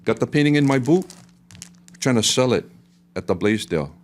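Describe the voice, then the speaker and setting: A middle-aged man from Hawaii with a Hawaiian Pidgin accent, telling a story on a podcast in an animated way and dropping to a hush for the dramatic parts. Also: medium pitch, moderate pace. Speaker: guest artist and historian. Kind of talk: storytelling in casual podcast talk.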